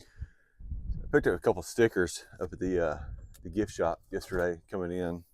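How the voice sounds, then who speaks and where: A man with a drawl and a very low, deep voice talks easily to his viewers from an outdoor campsite. He's chatty and relaxed, sniffling a little in the cold morning air. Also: moderate pace, slight background noise. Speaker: vlogger. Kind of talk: casual outdoor vlog talk.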